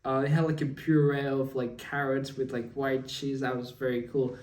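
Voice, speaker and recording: A man's voice: mid-range voice, flat delivery, normal speed, a little mellow, distant mic. A young man telling a long story in a casual spoken diary, rambling with lots of fillers. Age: young adult. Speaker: vlogger. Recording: echoey room, off mic.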